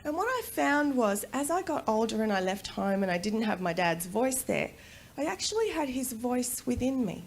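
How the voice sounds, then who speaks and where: A middle-aged Australian woman giving a personal storytelling talk at a conference, animated and quick to laugh. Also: on the high side, a little hiss or hum. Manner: animated, laughs often, acts out voices in quotes. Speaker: conference speaker. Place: conference room.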